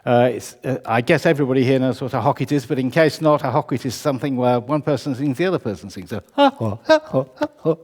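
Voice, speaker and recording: A man's voice: medium pitch, quick pace, hardly any pauses, a little mellow. British composer guy lecturing casually, wry asides, echoey hall. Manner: conversational, wry, self-correcting. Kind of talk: public lecture. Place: concert hall. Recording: reverberant hall.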